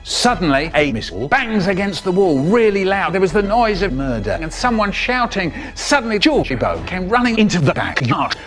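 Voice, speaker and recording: A man telling a spliced-together comic story in an animated voice that jumps into sudden squeaky highs.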